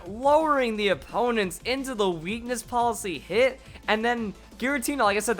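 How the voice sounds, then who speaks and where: A man giving excited play-by-play commentary on a video game battle, his voice going hoarse. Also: high voice. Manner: hype, rapid play-by-play with exclamations. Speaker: gaming YouTuber.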